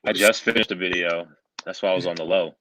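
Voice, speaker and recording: A man's voice: sits low, fairly even intonation, fast, pushed and bright, slight background noise, poor audio. A man joining a live stream over a video call, chatting in a laid-back, offhand way. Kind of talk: casual chat.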